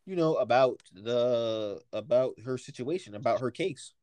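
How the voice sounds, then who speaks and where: A man co-hosting a casual podcast, reading a news article aloud in a halting way full of filler words. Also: medium pitch, expressive, darkish tone, no room sound.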